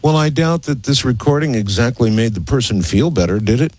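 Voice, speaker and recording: A man's voice: medium pitch, lively intonation, a little fast, a little mellow. A man hosting an interview, asking skeptical, probing questions. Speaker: host. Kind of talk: radio interview.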